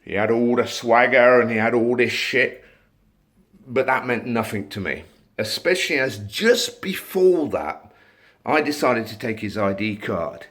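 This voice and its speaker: A man's voice: medium pitch, expressive, unhurried, fairly bright tone. A middle-aged man, a door supervisor, ranting bluntly to camera and swearing freely.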